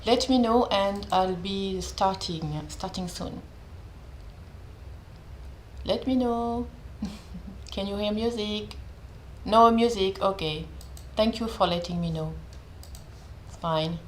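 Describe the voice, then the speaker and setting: A woman with a French accent talks gently and casually to viewers as she opens a live stream. Her voice sits at a middle pitch. A faint hum of noise runs behind her. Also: takes it slowly, long pauses. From France. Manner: gentle, checking in with viewers, switching languages. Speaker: host of a live meditation stream.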